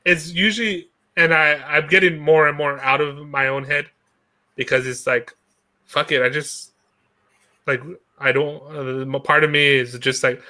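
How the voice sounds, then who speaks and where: A man's voice: on the high side, steady tone, normal speed, pushed and bright. A man chatting casually, rambling with frequent laughs and casual swearing. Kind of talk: casual chat.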